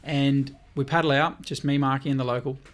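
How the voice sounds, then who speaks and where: A man in a casual podcast chat, his voice sitting at a middling pitch for a man. He tells his story with energy, playing out each exchange in dialogue and dropping the odd swear word. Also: a little fast. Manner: lively, swears, quotes people in dialogue.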